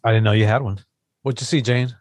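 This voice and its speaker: A man's voice: medium pitch, fairly even intonation, quick pace, no room sound. A man in a casual podcast chat tosses off wry jokes and the odd swear word. His voice sounds dry and close to the mic.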